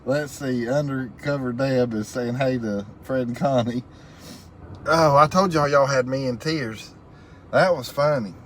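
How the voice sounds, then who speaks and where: A man's voice: mid-range voice, a little slow, a little hiss or hum. A man hosting a casual live stream, reading viewer comments aloud and laughing often in a folksy way. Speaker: livestream host reading viewer chat.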